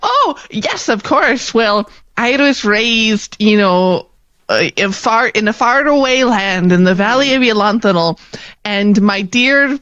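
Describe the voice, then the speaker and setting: A woman's voice: fairly high pitch, lively intonation, takes it slowly, fairly bright tone, no echo, highs cut off. A woman voicing a prim, gushing female fey contestant who rambles sweetly and breathlessly.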